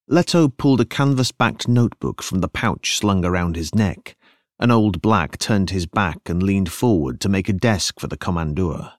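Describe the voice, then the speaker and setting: A male narrator reads a novel in a very deep voice, steady and measured. His pitch moves expressively through each sentence. The recording is dry and close. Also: no echo. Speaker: audiobook narrator. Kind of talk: scripted narration.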